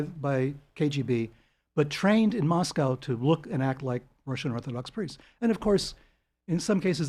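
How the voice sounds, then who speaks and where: An older man, telling long anecdotes as a guest in an interview, animated and chuckling. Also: a little high. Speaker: guest author. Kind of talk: storytelling interview.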